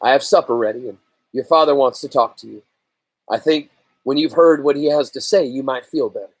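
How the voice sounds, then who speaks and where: A man voicing a gentle, comforting mother in a story reading, speaking softly and soothingly. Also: medium pitch, a little fast, no echo, natural voice, poor audio.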